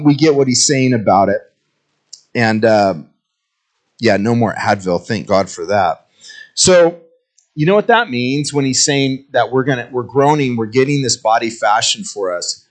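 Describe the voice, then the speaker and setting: Middle-aged man, pastor; easygoing sermon delivery, talks with the room, light humor. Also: fairly high pitch. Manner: chatty, jokey, asks the congregation questions. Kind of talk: casual conversational sermon.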